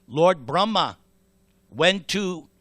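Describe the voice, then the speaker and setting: A man at a temple retells a scripture story as a sermon, slowly and dramatically. His voice sits a little high and sounds bright and sharp. The sound is dry and close. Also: lively intonation, dry recording. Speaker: temple speaker.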